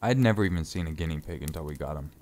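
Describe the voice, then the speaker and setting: A man's voice: very deep voice, animated, racing, a little mellow, slight background noise. A man chatting casually on a live stream from a home closet, laid-back and joking, swearing freely, a little stuffy from sinus trouble.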